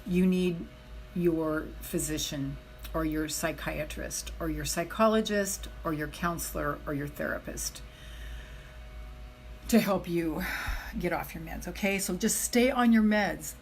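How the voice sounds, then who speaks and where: In a low-quality recording with slight background noise, a middle-aged self-love coach delivers a live motivational talk in a voice on the low side and a little slow. Earnest and chatty, she addresses her viewers directly again and again and repeats her key phrases to drive them home.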